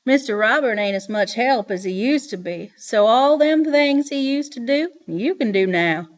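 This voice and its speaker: A woman voicing a fierce, loud old grandmother with a Southern accent, shouting and bossing people around in an audiobook reading. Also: a little high, animated, moderate pace, dull audio, lightly acted. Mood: bossy. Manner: shouting, bossy.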